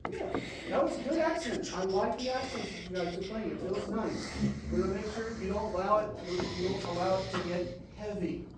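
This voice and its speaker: A man's voice: high-pitched, a little fast. A man directing a school band rehearsal, giving instructions, singing phrases with syllables and joking with the students. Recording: echoey band room from far off. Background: room ambience and noise.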